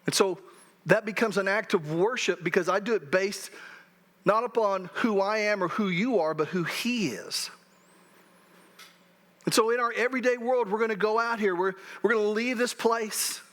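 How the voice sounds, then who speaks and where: A middle-aged man with a rather high voice preaches in a church. He talks to the congregation in an easy, conversational way and often restarts his sentences as he works through a point. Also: moderate pace, a bit bright. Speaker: pastor. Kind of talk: sermon. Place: church sanctuary.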